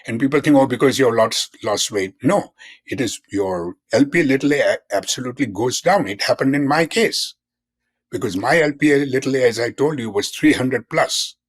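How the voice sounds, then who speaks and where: A man's voice: mid-range voice, animated, normal speed, husky. An older man in his seventies, a physician guest in a conversational interview, who explains in an earnest way and repeats key terms.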